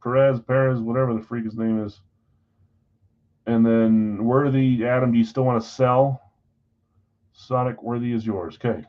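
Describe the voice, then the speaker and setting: A man's voice: medium pitch, fairly even intonation, moderate pace, long pauses. Guy running a live card stream, rambling and casual, calls out names, kinda muffled lo-fi audio. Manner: casual, scattered, self-deprecating, reads off buyers' names. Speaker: card break host.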